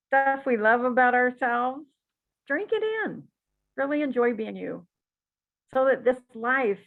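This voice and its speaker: A woman teaching a psychic class in a relaxed, chatty and encouraging way, with frequent asides. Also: on the high side. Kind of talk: relaxed spoken class talk. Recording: tinny phone-like audio.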